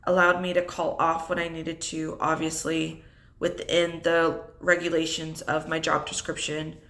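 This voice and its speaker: A woman's voice: low-pitched, completely flat delivery, a little slow, fairly bright tone. A young adult woman telling an unscripted personal story about her divorce, reflective and holding back tears. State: tearful. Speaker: single mother vlogger.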